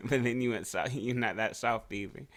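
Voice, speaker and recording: A man's voice: mid-range voice, normal speed. A man co-hosting a podcast, telling a crude story in casual chat and laughing often as he goes. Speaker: podcast co-host.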